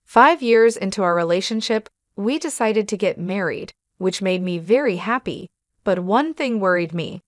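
A woman reading a first-person story aloud as scripted narration, in a steady, measured way. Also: medium pitch, dry recording, clean studio sound.

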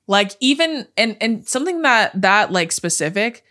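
A young woman co-hosting a podcast in casual chat, talking fast and loose with lots of fillers and swearing. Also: medium pitch, big pitch swings, sharp tone. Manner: chatty, swearing, many fillers like "like" and "dude". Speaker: podcast co-host.

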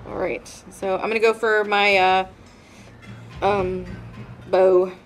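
A woman's voice: mid-range voice, little pitch movement, slow, faint music behind. Hesitant woman player, thinking aloud. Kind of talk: casual tabletop game play.

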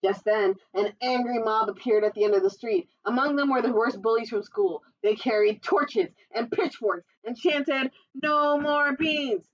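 A woman's voice: a little high, moderate pace, hardly any pauses, dull audio. A woman librarian reading a picture book aloud at storytime, adding playful asides to the listeners. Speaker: children's librarian.

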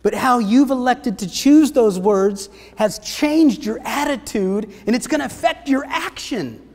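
High, lively male motivational speaker. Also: unhurried. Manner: energetic, asks the audience questions. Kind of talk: motivational seminar talk. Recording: long hall reverb.

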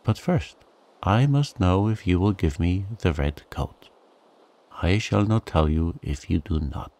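A man's voice: sits low, measured pace, mellow. A man voicing a boastful, greedy male goblin in a bedtime storybook, wheedling and insistent. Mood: pleading, boastful.

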